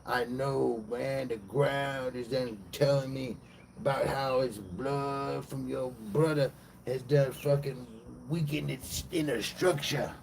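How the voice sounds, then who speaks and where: A man voicing God as a casual, profane, streetwise figure who is gruff and matter-of-fact. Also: medium pitch, fairly even intonation, slow pace, noisy background, pitched above the performer's own voice. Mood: stern.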